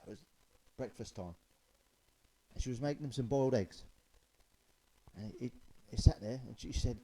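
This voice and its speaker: A man's voice: medium pitch, normal speed, pauses often, dark tone, low-quality recording. A man telling stand-up jokes, loose and chatty, chuckling at his own punchlines. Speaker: stand-up comedian.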